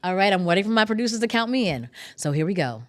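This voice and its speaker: A woman's voice: mid-range voice, sing-song, fast. A woman hosting a business podcast, bubbly and playful in a casual interview. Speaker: podcast host.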